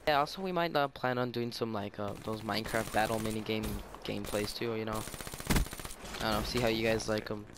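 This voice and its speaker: A man's voice: on the low side, steady tone, fairly quick. A young man giving casual, rambling gameplay commentary as a gaming YouTuber, self-mocking and full of fillers. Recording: game audio noise behind voice. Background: gunfire from the game.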